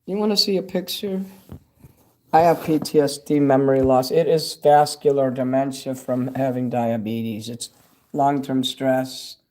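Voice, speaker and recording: This older man hosts a casual livestream, wandering from topic to topic, swearing freely and replying to viewer comments. His mid-range voice is steady, unhurried and somewhat dark.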